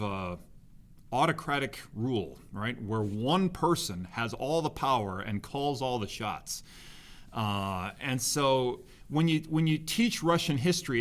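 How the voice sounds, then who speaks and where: A man giving a recorded history lesson, conversational, with many fillers and restarts. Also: mid-range voice. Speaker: history teacher. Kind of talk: recorded classroom lecture.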